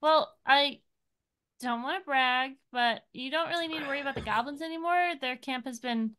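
A woman's voice: high-pitched, normal speed, bright, forceful tone. A woman speaking in character in a tabletop game, friendly and chatty. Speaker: player.

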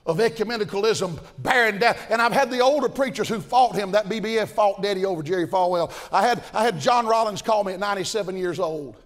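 An older man preaching a fiery sermon, folksy and impassioned, swinging from shouts to low asides. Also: fast talker, hardly any pauses. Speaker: pastor. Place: large church auditorium at a conference. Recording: long reverb of a big hall.

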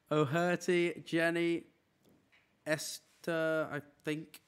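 Young male streamer, slightly high voice, casual, quick name roll-call. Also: flat delivery, fairly bright tone, clear, resonant tone. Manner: rattling off names in a quick run. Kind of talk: casual live-stream chat. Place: apartment room.

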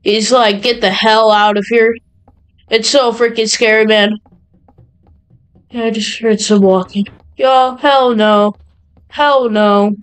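A woman's voice: a little high, clean tone, low-quality recording. A young woman playing a horror game for her channel, nervous and jumpy as she talks to her viewers. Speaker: gaming channel host. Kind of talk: horror game let's play commentary.

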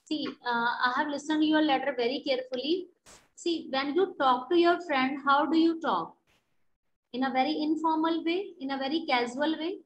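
A woman with a high, light voice teaches an online class and talks students through their writing. She explains things patiently and keeps checking that they follow. Her voice echoes in the room, with a faint hum behind it. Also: steady tone, moderate pace. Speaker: English teacher.

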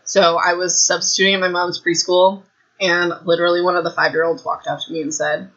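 A woman with a hoarse, raspy throat rambles through a casual podcast from her home. She is chatty and self-mocking and keeps saying "like". Her voice is bright and pointed, and the home recording sounds a little dull. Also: fairly low pitch, little pitch movement, fairly quick. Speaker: podcast host. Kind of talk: casual chat, rambling book summary.

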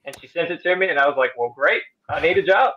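A man who supervises a hospital team, answering interview questions in a friendly, relaxed storytelling way. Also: fairly high pitch, fast talker, dull audio. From Louisville, Kentucky.

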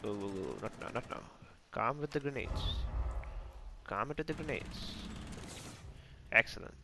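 A man hosting a gaming channel, giving live, excitable and self-mocking commentary as he plays, talking to teammates and enemies. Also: mid-range voice, moderate pace, noisy background.

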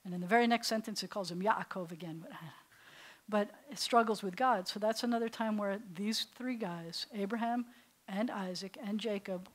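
A woman rabbi teaching a class, telling the story in an animated, conversational way. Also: medium pitch. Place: synagogue classroom.

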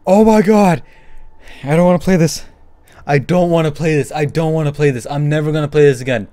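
A young man hosting his gaming channel nervously narrates a horror game, swearing and repeating himself between hushed murmurs and sudden yelps. His voice is on the high side and a little fast.

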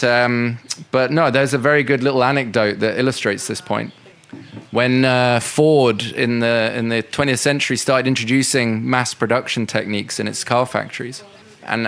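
Guy talking economics off the cuff, lots of ums and restarts, mid pitch. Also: fairly bright tone, clean tone. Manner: conversational, frequent fillers and restarts. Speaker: speaker at a political education session. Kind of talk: unscripted talk answering questions.

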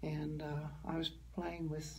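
An older woman from the American Midwest, a guest actress telling animated stories in a conversational interview. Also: low voice, unhurried, breathy edge. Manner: storytelling, animated.

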